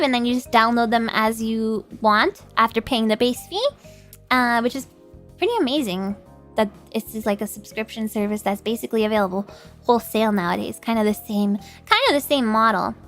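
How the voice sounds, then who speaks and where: A woman's voice: a little high, moderate pace, fairly bright tone, faint music behind. A woman streamer chatting casually with her viewers, laughing often and greeting chat, her nose stuffed up.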